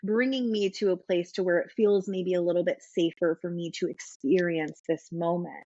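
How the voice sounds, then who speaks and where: A woman's voice: lowish voice, fairly even intonation, normal speed, dark tone, no room sound, dull audio. A woman guest explaining trauma and the nervous system in a patient, conversational way, often checking in with "right?". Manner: explains patiently, with frequent "right?" tag questions.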